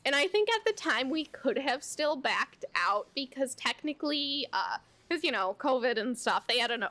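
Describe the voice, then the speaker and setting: Chatty young woman, unhurried and highish. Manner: chatty, animated, lots of "like", casual swearing. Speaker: VTuber streamer. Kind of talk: casual storytelling chat while gaming. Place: home, at her computer.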